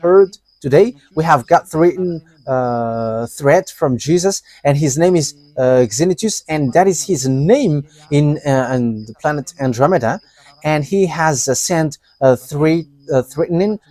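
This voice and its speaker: A man preaching a live sermon, talking in short, halting, broken phrases. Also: fairly high pitch, lively intonation, dark tone.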